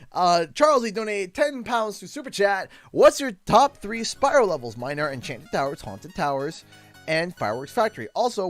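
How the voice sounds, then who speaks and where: A Canadian man live-streaming a game, excitable and thanking viewers over and over. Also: high voice, dry recording. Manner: excitable, thanks donors warmly and often. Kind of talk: live gameplay stream chat.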